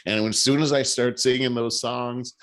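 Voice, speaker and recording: A man in his fifties co-hosting a casual talk show, emotional and quick to laugh, rambling with many restarts. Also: mid-range voice, steady tone, a bit bright. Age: 50s. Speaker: podcast co-host. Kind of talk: casual chat.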